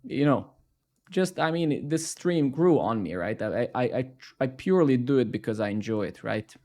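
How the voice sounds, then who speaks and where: A man chatting casually on a live coding stream, rambling and sarcastic, swearing freely and mocking himself. His voice sits in an ordinary middle pitch for a man. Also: expressive, moderate pace, darkish tone.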